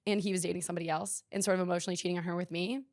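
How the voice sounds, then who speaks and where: A woman's voice: on the low side, fairly even intonation, rapid-fire, a little mellow, dry recording, clean studio sound. A young woman hosting a podcast, telling a rambling, self-deprecating story in casual chat, full of "like". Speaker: podcast host.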